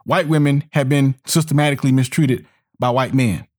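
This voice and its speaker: A man's voice: medium pitch, steady tone, moderate pace, darkish tone. A man delivering a heated monologue, emphatic and repetitive, often restarting his words and slipping into sneering mock voices. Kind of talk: ranting monologue commentary.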